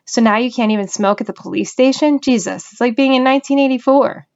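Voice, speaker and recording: A woman's voice: a little high, fast, a little mellow, smooth, lo-fi sound, pitched above the performer's own voice, natural voice. A woman reading the part of a cheeky, stubborn grandmother who sounds breezy and indignant.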